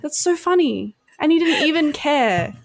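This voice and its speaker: A woman's voice: high-pitched, normal speed, gravelly. A young woman, co-hosting a casual podcast chat and telling stories while acting out the people in them. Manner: animated storytelling, acts out quoted people. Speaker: podcast co-host.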